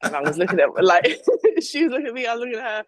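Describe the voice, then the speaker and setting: A woman's voice: fairly high pitch, sing-song, very fast, no room sound, rough recording. A young woman, co-hosting a casual sports podcast and telling stories with lots of fillers and apologies. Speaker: podcast co-host and flag football player. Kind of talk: casual chat.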